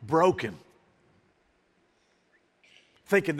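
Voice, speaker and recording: A man's voice: high voice, big pitch swings, normal speed, fairly bright tone. A man preaching a sermon as pastor in a casual, slangy style, speaking in a church. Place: church sanctuary. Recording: reverberant church hall.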